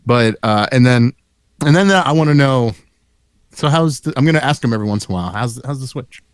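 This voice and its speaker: A man's voice: mid-range voice, animated, a little fast, clean tone, dry recording. A man co-hosting a casual live-stream chat about games, rambling with lots of "uh" fillers and restarts. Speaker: show co-host.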